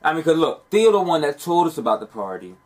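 Playing a streetwise young man on the phone, an actor delivers a scripted, profane, rambling account of a party night, sounding defensive as he recounts it. His voice is a little high, very animated, and quick.

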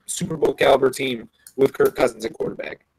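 A man's voice: mid-range voice, fairly even intonation, fairly quick, darkish tone, rough recording. A man co-hosting a casual sports chat, blunt and firm in his opinions. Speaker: sports podcast co-host.

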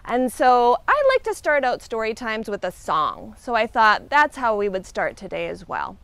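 A woman's voice: fairly high pitch, big pitch swings, normal speed, fairly bright tone, clear, resonant tone, no room sound. A woman librarian leading a children's storytime, talking in a cheerful sing-song way and singing simple songs.

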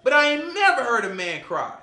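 Guy preaching loose and slangy, high bright voice, echoey room. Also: a little fast. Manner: animated, slangy, acts out voices. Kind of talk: informal sermon.

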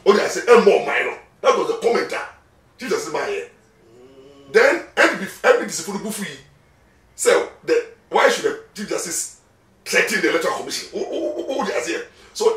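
A Ghanaian lawyer guest speaks in a high-pitched, fairly bright voice, talking emphatically and repeating words. His animated interview talk mixes Twi and English, and the recording is echoey with the microphone placed at a distance.

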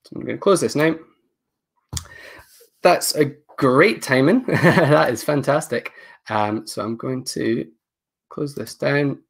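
Guy walking folks through settings on a video call, chatty, kinda thinks out loud. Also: mid-range voice, slow pace, vocal fry, pauses often, husky. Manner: casual, thinks aloud while clicking through settings. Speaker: education technology presenter. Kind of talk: live online training session.

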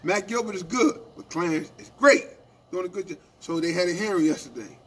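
Husky high-voiced man telling union stories. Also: brisk. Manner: animated storytelling, acting out quoted exchanges, repeated "right?". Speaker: union radio show co-host. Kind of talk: casual union talk radio.

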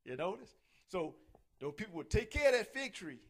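A male pastor preaching a sermon, folksy and animated, acting out the voices he quotes. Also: high voice, a little fast.

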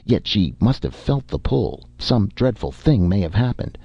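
A man's voice: on the low side, very animated, moderate pace, dark tone, slightly rough, no echo, dull audio, heavily acted. A man voicing a driven young scientist. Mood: excitedly explaining. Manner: urgent, stammers when upset.

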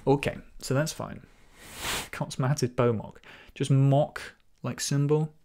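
A man's voice: medium pitch, steady tone, slow pace, dark tone. A man live-streaming a programming session, thinking aloud, trading jokes with viewers and chuckling often. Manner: muses aloud, weighs names, chuckles often. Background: computer keyboard typing.

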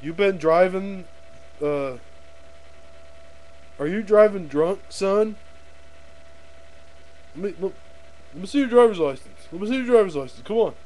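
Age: adult. Sex: male. Figure: a bullying traffic cop, as a man puts him on. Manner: barking, interrogating. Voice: raised and slow. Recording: webcam mic with a faint hum. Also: high voice, animated, darkish tone, voice pushed up, poor audio. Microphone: webcam microphone.

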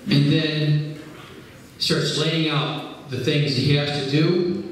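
A man with a rather high voice preaches earnestly in a conversational way, acting out other people's words as he tells a story. He is heard from a distance in a large hall, and his voice rings with long reverb. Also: flat delivery, slow pace, a little hiss or hum. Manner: earnest, conversational, retells calls in quoted speech. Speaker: speaker at a religious gathering. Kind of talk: sermon. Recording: echoey hall, speaker far from mic.

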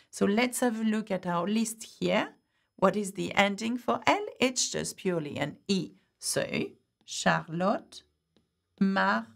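Lively gravelly woman teaching French. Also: mid-range voice. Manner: patient, explaining step by step, checks in with "okay?". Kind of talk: online language lesson.

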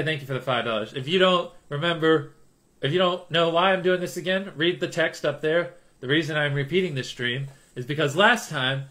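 A man's voice: on the high side, a bit bright. A young man livestreaming in casual, rambling chatter, joking and reading chat donations aloud. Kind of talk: casual live-stream chatter.

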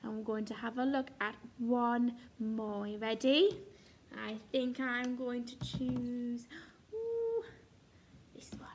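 A woman's voice: a little high, flat delivery, slow pace, a little mellow, a little hiss or hum. A woman teacher giving a recorded phonics lesson to young children, sounding out letters and praising in a sing-song, encouraging way. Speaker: reception class teacher.

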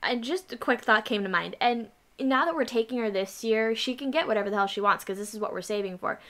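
A woman's voice: on the high side, quick pace, a bit bright. A woman hosting a casual reaction video, chatting playfully and adding asides. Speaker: channel host reacting to a video.

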